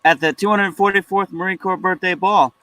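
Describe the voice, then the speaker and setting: Young man with a bright, upbeat voice. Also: high voice, fairly even intonation, fairly quick, no room sound. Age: young adult. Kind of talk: casual video-call chat.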